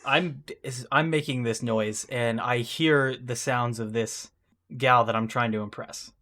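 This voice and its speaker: A man's voice: mid-range voice, steady tone, unhurried, bright, forceful tone. A young man telling a long personal mishap story in casual, self-deprecating style, full of restarts and asides. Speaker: podcast co-host.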